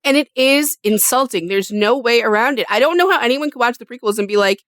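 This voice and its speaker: Emphatic woman co-host, fairly high voice. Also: animated, brisk, a bit bright, no echo, clean studio sound. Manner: emphatic, swears casually. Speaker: podcast co-host. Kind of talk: casual chat.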